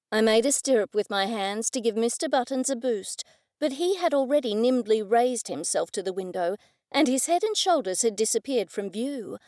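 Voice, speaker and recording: A woman narrating a first-person mystery audiobook in a clear, even storytelling delivery. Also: on the high side, normal speed, no room sound, studio quality.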